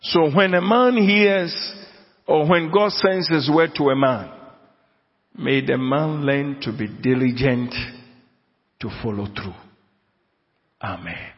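A man preaching a sermon, emphatic, repeating key phrases slowly and asking the congregation if they are listening. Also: mid-range voice. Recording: dull audio in a long-reverb hall.

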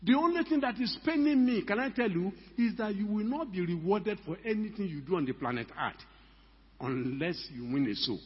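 An older man delivers an emphatic sermon in a large church hall. His voice is husky and sits a little high. The sound is dull and lo-fi, with a long echo trailing each phrase. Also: lively intonation, normal speed. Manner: emphatic, rhetorical questions to the congregation. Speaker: pastor.

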